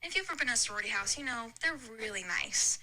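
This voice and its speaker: A woman's voice: fairly high pitch, expressive, racing, noisy background. A young woman telling a long, rambling story in casual chat, with lots of "like" and restarts. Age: young adult. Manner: chatty, rambling story with many likes. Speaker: podcast guest.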